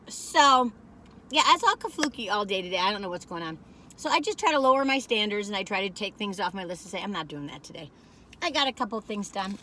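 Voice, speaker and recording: A woman's voice: mid-range voice, pushed and bright, slight background noise. An older woman, rambling in a folksy, chatty way as she reviews food on a phone camera in a parked car.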